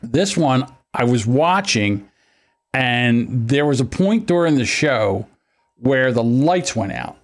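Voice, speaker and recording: Taking it slowly in a mid-range voice, a man hosts a casual online-call podcast chat, animatedly telling stories and acting out other people's quotes.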